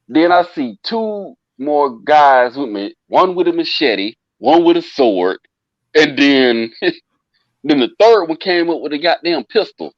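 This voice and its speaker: A man's voice: fairly high pitch, a little slow, no echo. A man casually telling a long, profane party story to a friend, acting out what people said. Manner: animated, profane, acts out quoted voices. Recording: dull lo-fi dry sound.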